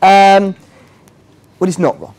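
A man's voice: high voice, slow, a little mellow, clean tone. A man leading a finance workshop, quizzing the audience and dropping self-mocking asides. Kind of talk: interactive teaching. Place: workshop room with a live audience.

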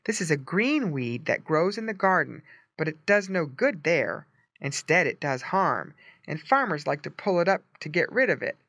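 A lively storyteller with a bright voice and a wide, animated lilt, reading a simple tale slowly and clearly for learners. The sound is close and dry. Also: mid-range voice, no echo, lo-fi sound. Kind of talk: scripted storybook narration for English learners.

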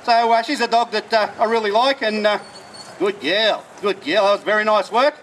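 A man gives a live outdoor talk on training working dogs, speaking in a plain, practical way. His voice sits fairly high for a man. A faint hiss of outdoor noise runs under him. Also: fast, fairly bright tone. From Australia. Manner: explains plainly between short commands to dogs. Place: outdoors at a festival display.

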